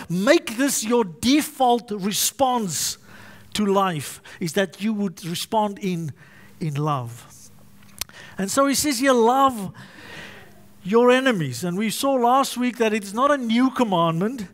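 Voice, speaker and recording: A male pastor preaching a sermon, emphatic and fond of repetition and alliteration. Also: high-pitched.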